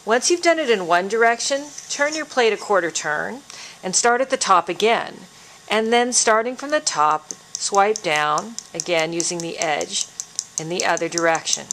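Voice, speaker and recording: A woman giving a calm, step-by-step biology lab demonstration as an instructor. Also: mid-range voice, normal speed, a little hiss or hum.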